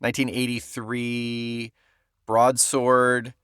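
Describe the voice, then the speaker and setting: A man's voice: medium pitch, monotone, takes it slowly, fairly bright tone, clear, resonant tone, dry recording, clean studio sound. A male podcast co-host in casual chat, reading listener emails aloud and laughing often.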